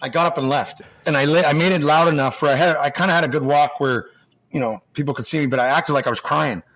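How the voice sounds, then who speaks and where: A middle-aged man, a former hockey player and podcast guest, telling profane locker-room stories in a lively, casual way full of restarts. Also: a little high, quick pace. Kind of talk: casual storytelling chat.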